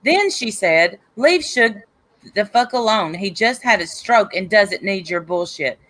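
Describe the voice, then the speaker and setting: A woman's voice: mid-range voice, expressive, measured pace, fairly bright tone. A woman hosting a live stream, casually retelling an online argument and reading the comments aloud. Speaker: host of a live stream show.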